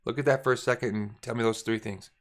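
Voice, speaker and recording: A man's voice: mid-range voice, fast. Man casually talking through trading charts. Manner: relaxed, thinking aloud, self-correcting, addresses viewers directly. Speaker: forex trading coach. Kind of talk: casual screen-share chart walkthrough.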